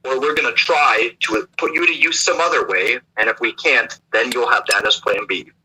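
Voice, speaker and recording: Male co-host, rambling, husky and very bright voice, keeps restarting sentences. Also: mid-range voice, moderate pace, rough recording. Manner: rambling, repeats words, many restarts. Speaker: livestream co-host. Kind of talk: casual crude banter.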